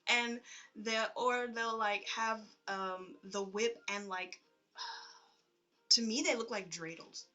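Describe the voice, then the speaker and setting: Animated high-voiced woman vlogging. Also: measured pace, far from the mic, muffled recording. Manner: animated and rambling, laughs often, many fillers. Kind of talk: casual storytelling vlog.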